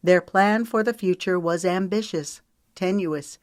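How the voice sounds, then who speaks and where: A low-voiced woman reads a romance audiobook as scripted narration, her storytelling smooth, steady, and measured. She is close to a studio microphone in a dry, dead room without echo.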